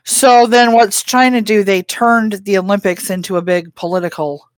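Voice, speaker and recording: A woman's voice: mid-range voice, steady tone, normal speed, no echo, clean studio sound. A woman co-hosting a podcast in casual chat, rambling with lots of hesitant fillers. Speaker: podcast co-host.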